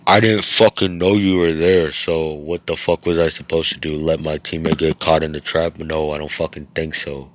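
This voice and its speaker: A man's voice: sits low, slow, a little mellow, exaggerated voice. A man doing a brash, cursing young fighter. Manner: profane, blunt, confrontational.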